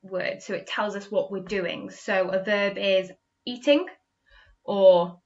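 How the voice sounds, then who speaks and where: A woman's voice: medium pitch, slow, dull audio. A woman teaching a recorded primary school lesson to young children, patient and explaining step by step, checking in with frequent "okay?". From England.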